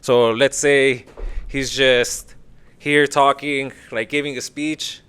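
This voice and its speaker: Smooth-voiced man telling a profane story. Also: mid-range voice, steady tone, takes it slowly, fairly bright tone, no echo. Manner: profane, rambling, lots of filler. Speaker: podcast host. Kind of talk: casual storytelling.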